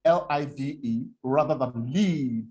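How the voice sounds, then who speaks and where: A woman's voice: very deep voice, a little slow, dark tone, highs cut off. A woman with a Nigerian English accent lecturing trainees on broadcasting in an assertive, emphatic, scolding manner.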